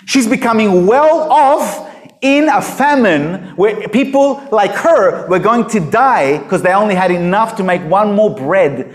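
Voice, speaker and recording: Pastor, fairly high voice. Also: male voice. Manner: conversational, emphatic storytelling. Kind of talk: sermon.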